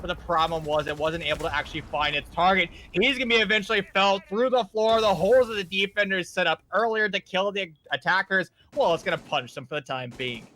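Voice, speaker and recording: Young male shoutcaster, high and bright tone, lively joking play-by-play. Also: fast talker, few pauses, a little hiss or hum. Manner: energetic, joking. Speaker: esports caster. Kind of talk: live play-by-play commentary.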